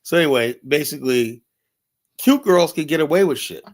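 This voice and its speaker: A man's voice: a little high, moderate pace. A man hosting a streaming show, telling stories in a casual, profane way, laughing often and quoting other people's voices. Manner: laughing, profane, animated retelling with quoted voices. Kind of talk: casual storytelling monologue. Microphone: streaming setup mic.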